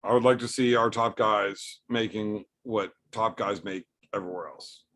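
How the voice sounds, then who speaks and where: A man's voice: on the low side, fairly even intonation, normal speed, a bit bright. A man, an arm wrestler, hosting a livestream in a loose chat style, answering viewers' super chats with blunt, profane opinions.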